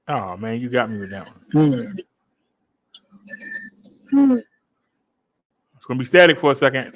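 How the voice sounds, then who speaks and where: A man hosting a livestream in a relaxed, chatty way, talking to viewers by name, recorded on a phone worn on his chest. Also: medium pitch. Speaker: livestream host. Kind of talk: casual chat with a live chat.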